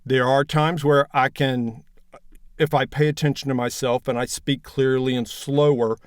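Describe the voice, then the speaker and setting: A man in his fifties with a Southern drawl, an audiobook narrator talking in a relaxed, plainspoken, folksy way in a casual interview. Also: medium pitch, normal speed, smooth, no echo, studio quality. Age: 50s.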